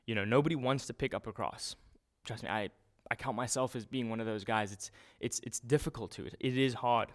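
A man preaching a sermon in a relaxed, conversational way, often restarting and using fillers. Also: mid-range voice, brisk, few pauses.

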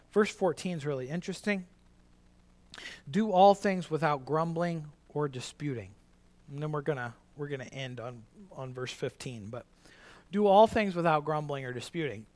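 A man preaching a sermon, animated and conversational, repeating his key line to the congregation. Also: fairly high pitch. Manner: conversational, many restarts and asides. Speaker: pastor.

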